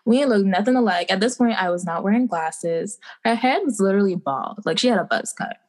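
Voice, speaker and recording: A young woman from the Bahamas, a podcast guest, chatting casually and telling animated stories with acted-out quotes and frequent laughter. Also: mid-range voice, fairly quick. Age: young adult. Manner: animated storytelling, acting out quotes, laughing often. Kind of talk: casual interview chat.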